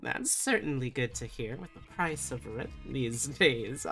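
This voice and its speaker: A woman's voice: rumbling low, animated, unhurried, fairly bright tone, faint music behind. A woman streaming live, chatting with viewers in a playful, teasing, sultry way. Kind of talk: casual live-stream chat with chat readings.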